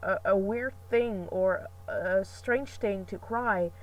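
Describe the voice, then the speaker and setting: A woman's voice: medium pitch, slow, recorded from a distance, lo-fi sound. Young female vlogger, chatty and rambling, pokes fun at herself. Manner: rambling, chatty, self-mocking, many fillers. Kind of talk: casual chat.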